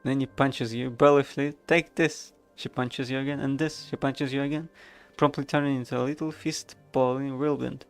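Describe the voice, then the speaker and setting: A man narrates a game live, reading its text and adding dry, offhand remarks. His voice is gravelly and creaky, and faint game music plays underneath. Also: mid-range voice, little pitch movement, brisk. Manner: wry, casual, reads narration aloud. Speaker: streamer.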